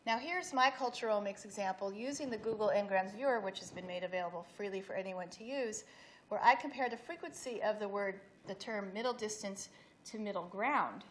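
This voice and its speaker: A middle-aged woman presents academic material at an event in a hall, walking through her slides and frequently starting over mid-thought. She speaks briskly at a medium pitch.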